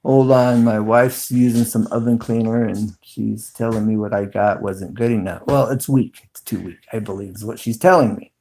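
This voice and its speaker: A man's voice: fairly low pitch, fairly even intonation, moderate pace, few pauses, darkish tone, slight background noise. A middle-aged man hosting a casual livestream, rambling and chatty, with frequent ums and restarts. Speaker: video host.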